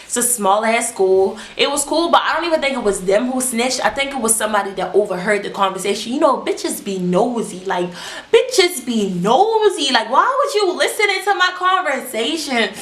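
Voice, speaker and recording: A young woman telling a story from her own life in a casual vlog, in a candid, animated and profane way. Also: on the high side, a little fast, hardly any pauses. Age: young adult. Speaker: vlogger. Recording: roomy echo.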